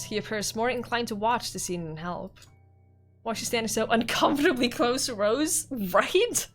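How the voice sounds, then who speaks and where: A woman streamer reading a visual novel aloud with expressive narration and laughing commentary. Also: a little high.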